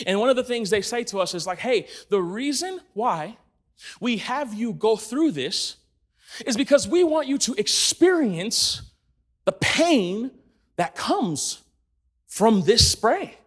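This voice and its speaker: A man's voice: high-pitched, lively intonation, measured pace. A man giving a sermon as a church team speaker, telling stories with energy, laughing and raising his voice at the peaks.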